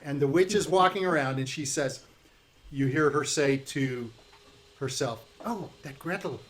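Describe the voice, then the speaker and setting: A man narrating a tabletop game as game master in a relaxed, chatty storytelling manner. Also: medium pitch, measured pace.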